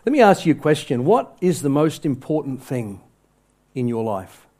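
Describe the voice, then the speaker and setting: This pastor's warm voice sits on the high side and swings widely in pitch as he preaches at a moderate pace. Addressing his congregation in the sanctuary, he builds and releases impassioned emphasis.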